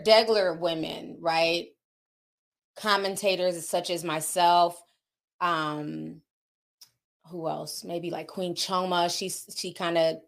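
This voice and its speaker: A woman commentator in casual chat, talking bluntly and with animation, swearing freely. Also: fairly low pitch.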